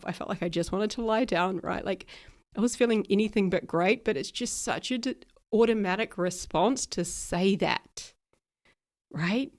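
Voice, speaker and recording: A woman's voice: medium pitch, darkish tone. A woman hosting a casual solo podcast as an ADHD coach, talking directly to her listeners in a chatty way and laughing at herself, her voice a bit worn from being ill. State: recovering from illness, little voice.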